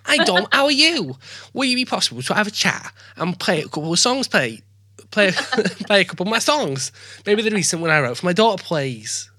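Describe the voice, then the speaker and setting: A man's voice: sits high, sing-song, fairly quick, pushed and bright, no echo, clean studio sound, voice pushed up, full character voice. A man putting on the voice of a prim, posh southern woman in an exaggerated mocking read. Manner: exaggerated mock-posh reading of a message.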